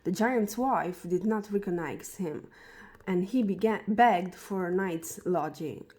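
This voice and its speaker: A woman reading a fairy tale aloud for children, slowly and with small slips and restarts. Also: mid-range voice, a little mellow, poor audio. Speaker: storyteller.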